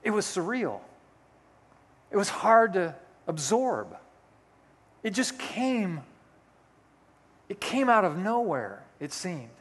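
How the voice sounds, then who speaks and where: A man's voice: sits high, very animated, slow pace, pauses often, breathy edge. A male pastor in his sixties preaching a sermon, telling a personal story with folksy, self-deprecating humor. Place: church sanctuary. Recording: long hall reverb.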